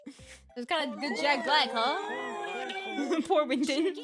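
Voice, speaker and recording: A young woman giving casual, playful gameplay commentary as a YouTuber, chatty and quick to giggle. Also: sits high. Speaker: gaming YouTuber. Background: game music.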